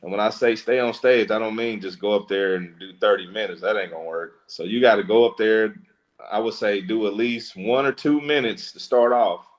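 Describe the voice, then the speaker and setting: A man, a stand-up comedian, talking as a guest in a casual interview, relaxed and joking. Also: on the low side, normal speed, rough recording.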